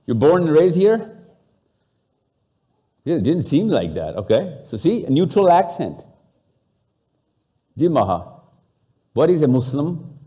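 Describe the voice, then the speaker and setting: A man's voice: fairly high pitch, mellow. A man from Pakistan with a Pakistani accent, giving a live talk to an audience and bantering with them, switching into Urdu and Hindi. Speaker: speaker.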